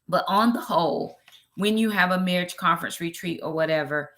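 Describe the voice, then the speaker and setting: A woman's voice: fairly low pitch, a bit bright. A woman with a Southern US accent hosting a ministry livestream, chatting casually and greeting viewers by name. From Brooklyn, New York.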